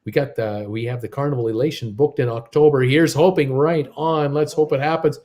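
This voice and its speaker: A man's voice: mid-range voice, fairly even intonation, brisk, warm tone. A man hosting a casual live stream from home, reading viewer comments in an upbeat, rambling, jokey way. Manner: rambling, upbeat, jokey, talks to his wife off-mic. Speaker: host of a live cruise news stream. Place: home in Creston.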